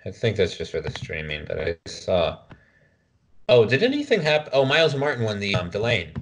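Deep-voiced man joking on a podcast. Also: huge pitch swings, a little fast, fairly bright tone, a little hiss or hum. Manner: loose, joking banter, rattles off wrestler names. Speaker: podcast co-host. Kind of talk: casual podcast chat.

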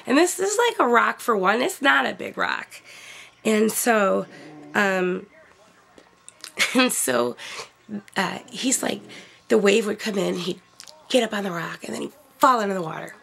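A middle-aged woman chatting casually about a trip, using lots of fillers and laughing often, with a gravelly, husky voice. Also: mid-range voice, animated, a little slow, pauses often, fairly bright tone. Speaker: vlogger. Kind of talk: casual storytelling.

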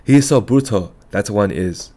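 A man's voice: fairly low pitch, animated, normal speed, dark tone. A man voicing an older widowed mother who is stubborn and fretful, in an audiobook. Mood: insistent. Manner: scolding, insistent.

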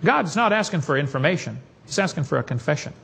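A man's voice: fairly high pitch, sing-song, fast, gravelly, fairly bright tone, husky. A man giving a preaching seminar talk in a folksy, emphatic way, chuckling at his own jokes. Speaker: creationist speaker.

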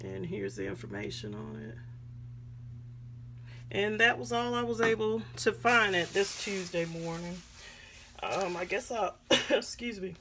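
Her voice is mid-range, gravelly and fairly bright, expressive and measured, with frequent pauses and a little hiss or hum in the audio. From her home craft room she chats through a casual vlog showing off craft supplies, addressing viewers as "guys" with plenty of ums.

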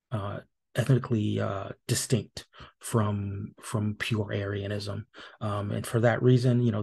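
A man hosts a solo podcast recap, his voice dark and mellow. He talks loosely, with plenty of ums and restarts, and drops dry, wry remarks as he goes. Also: fairly low pitch. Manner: casual and rambling, many fillers and restarts. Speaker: podcast host.

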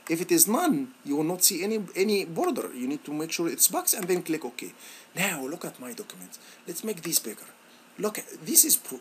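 A male instructor talking students through a software lab on screen, thinking aloud with repeated words and many fillers. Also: slight background noise. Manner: lively, rising pitch on praise words. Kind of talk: screen-recorded software tutorial.

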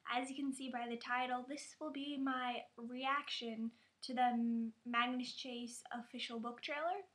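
High-pitched woman vlogger, chatty and excitable, laughs a lot. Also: measured pace. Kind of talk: casual reaction vlog.

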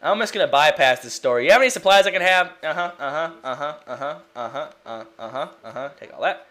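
A young man giving casual, rambling commentary while playing a video game, excitable and quick to swear. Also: fairly high pitch. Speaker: let's play gamer.

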